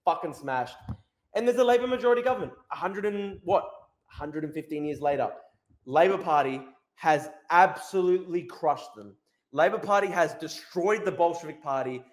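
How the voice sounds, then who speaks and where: A man's voice: on the high side, reverberant. A man with an Australian accent ranting in casual, crude, mocking live-stream commentary.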